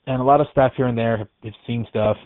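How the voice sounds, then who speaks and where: A man's voice: medium pitch, steady tone, fast, a little hiss or hum. Man telling a ghost story over a tinny line. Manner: rambling and hesitant, with many restarts. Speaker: care facility staff member. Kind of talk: casual spoken ghost story. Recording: tinny phone-like recording, dry.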